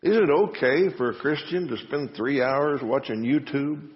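A pastor giving a conversational sermon full of rhetorical questions and a folksy manner. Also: male voice, mid-range voice, animated, moderate pace. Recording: muffled sound with long reverb.

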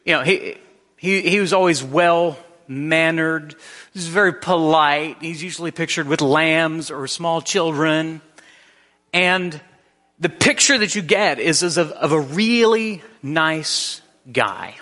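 A man's voice: a little high, slow pace, pushed and bright, in a large hall. A man preaching a sermon in a conversational way, often restarting his sentences. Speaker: pastor.

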